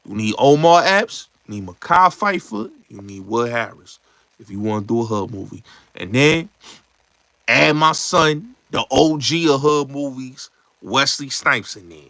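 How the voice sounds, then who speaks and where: A man, hosting a show, chatting casually and acting out movie lines in slangy, animated talk. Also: medium pitch, unhurried, vocal fry, no echo. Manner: slangy, repeats yo and son. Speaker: show host.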